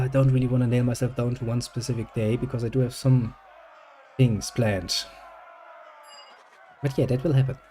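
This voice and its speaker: A man's voice: medium pitch, warm tone, a little hiss or hum. A man hosting a gaming video, chatting casually and joking as he plays, swearing freely. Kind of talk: casual gameplay commentary.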